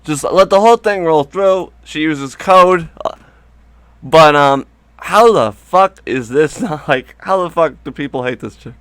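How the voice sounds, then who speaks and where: A man talks through a rambling, sarcastic commentary, swearing freely as he goes. His voice sits a bit high for a man, recorded close and dry with almost no room sound. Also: measured pace, fairly bright tone, smooth, dry recording. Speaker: commentary host. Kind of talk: crude comedic political commentary.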